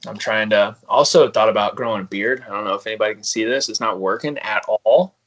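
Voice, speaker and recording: A man's voice: fairly low pitch, brisk, fairly bright tone, dull audio. A man chatting casually as a podcast guest, telling prank stories with lots of laughter and acting out the other people's lines. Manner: laughing, storytelling, acts out quoted voices.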